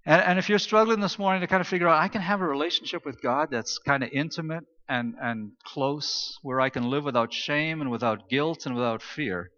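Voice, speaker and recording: A man's voice: a little high, fairly quick, few pauses, bright, forceful tone. A man preaching a sermon as pastor in a church, talking in a loose conversational way and telling stories with many fillers and restarts. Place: church auditorium. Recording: distant reverberant hall, muffled sound.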